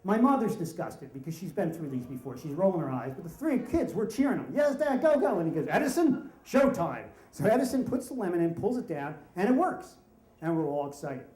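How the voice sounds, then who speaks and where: A man's voice: fairly high pitch, fast talker. Wry male storyteller in a roomy hall. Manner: wry, animated storytelling with voiced quotes. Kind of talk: live story slam telling. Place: stage in a room with an audience.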